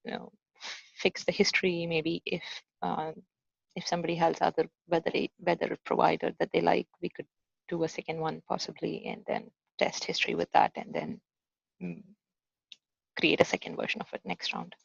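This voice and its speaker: A woman presenting her software work in a casual online meeting, hesitant and full of fillers. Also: fairly low pitch, flat delivery, normal speed, vocal fry, breathy edge, no echo, lo-fi sound.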